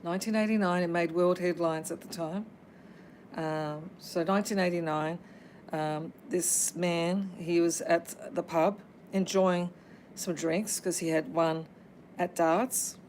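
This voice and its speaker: A woman's voice: fairly low pitch, steady tone, a little mellow, a little hiss or hum, low-quality recording. A woman hosting a paranormal livestream. She chats casually, calls out to spirits, and fills her talk with ums and uhs. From Australia. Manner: halting, full of ums and uhs.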